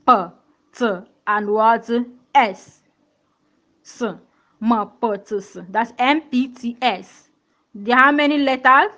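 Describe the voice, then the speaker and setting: A woman's voice: on the high side, sharp tone, muffled recording. A woman teaching a pronunciation lesson, repeating words and checking that learners follow. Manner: repetitive, checks understanding with questions.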